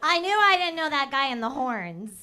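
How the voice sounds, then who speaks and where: A woman's voice: sits high, big pitch swings, moderate pace. A woman performing a stand-up comedy set in front of a live audience, laughing between jokes and teasing the crowd. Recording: live club with loud crowd laughter and room noise.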